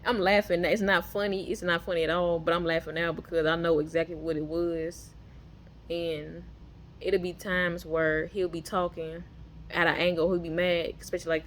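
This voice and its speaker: A woman with a low voice gives her personal testimony as casual storytelling, with a little hiss or hum in the background. Her delivery is loose and conversational, full of fillers and restarts.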